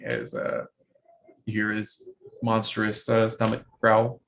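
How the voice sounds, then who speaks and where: A man's voice: on the low side, big pitch swings, a little slow, creaky, fairly bright tone, a little hiss or hum. A man narrating a tabletop game as game master in a rambling way with many fillers.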